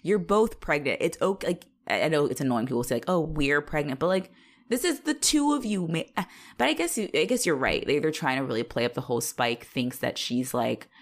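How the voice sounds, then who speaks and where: Speaking briskly in a low, lively voice, this woman co-hosts a casual podcast. She walks through a TV episode's events and voices the characters herself, swearing without holding back.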